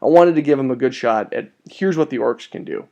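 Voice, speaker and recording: A man talks through a tabletop wargame battle report with a mellow, warm tone. He is casual and excitable, with his pitch jumping upward when something impresses him and casual swearing mixed in. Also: fairly quick, creaky, lo-fi sound.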